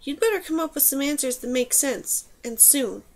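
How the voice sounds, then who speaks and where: A woman's voice: high voice, expressive, moderate pace, a little mellow. A woman voicing Dane, a spirited young girl.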